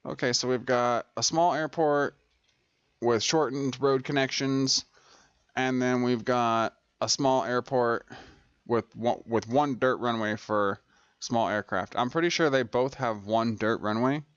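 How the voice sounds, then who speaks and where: A man's voice: mid-range voice, a little slow, clear, resonant tone, no echo, lo-fi sound. A man hosting a gameplay video, talking casually with lots of fillers and restarts as he thinks aloud. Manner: rambling, many fillers and restarts. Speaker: gaming video host. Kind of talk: casual let's-play commentary.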